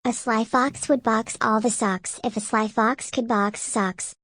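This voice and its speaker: A woman's voice: on the high side, steady tone, a little slow, a bit bright, no echo. Dry synthetic female reading voice. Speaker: text-to-speech reader of chat messages. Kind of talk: synthetic read-out.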